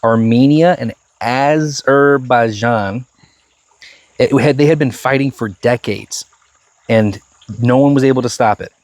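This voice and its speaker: A man's voice: medium pitch, measured pace, a little mellow, no room sound. A man co-hosting a casual current-events podcast, talking emphatically and often restarting and repeating his words. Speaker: podcast co-host.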